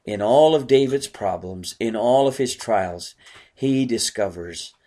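A man's voice: on the low side, animated, unhurried, dark tone. A man preaching a sermon in an earnest way, often asking rhetorical questions.

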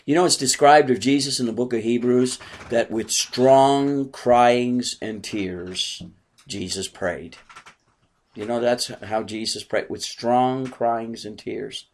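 A man's voice: medium pitch, takes it slowly, slight background noise. A man, a pastor, giving a conversational bible study sermon and asking his small congregation questions.

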